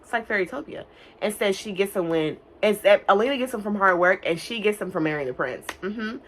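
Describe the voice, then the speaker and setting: A young woman casually recapping an animated film, talking fast and loose with lots of filler words and swearing. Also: mid-range voice, a little hiss or hum. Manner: chatty, profane, many "like" fillers; quick bursts of mock-singing and silly character voices. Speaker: movie reviewer.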